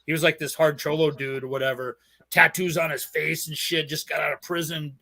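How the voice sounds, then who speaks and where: A man's voice: fairly high pitch, little pitch movement, brisk, vocal fry, sharp tone. A man from Southern California telling rambling, profanity-heavy stories on a podcast, laughing often. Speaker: podcast host. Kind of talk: casual storytelling chat.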